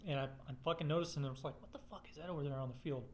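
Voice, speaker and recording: A man's voice: a little high, very fast, darkish tone, slight background noise. Swearing, rambling man. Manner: profane, rambling, swears constantly. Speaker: storyteller. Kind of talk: casual personal storytelling.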